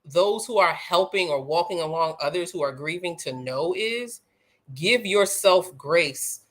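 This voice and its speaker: A woman hosting a casual discussion, telling stories with animated emphasis. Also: on the low side. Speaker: host.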